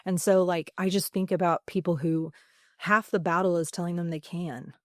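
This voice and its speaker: A woman who teaches high school theatre, speaking earnestly and emphatically in a podcast interview, with many fillers and pauses. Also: steady tone, no room sound, clean studio sound. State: emotional.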